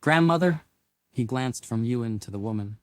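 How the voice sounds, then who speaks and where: A man narrating a scripted audio drama in an even, measured storytelling manner. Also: mid-range voice, no echo.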